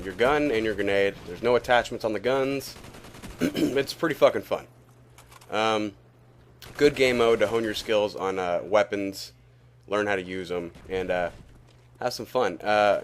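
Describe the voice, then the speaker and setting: A young gaming YouTuber with a fairly low voice gives casual, profanity-laced commentary on his gameplay. He rambles and laughs at his own stories, coughing now and then as he gets over an illness.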